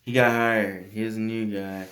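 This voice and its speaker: A man's voice: fairly low pitch, little pitch movement, normal speed, fairly bright tone. Laid-back rambling man. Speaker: podcast co-host. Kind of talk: casual chat. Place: house used as a home studio. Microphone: phone.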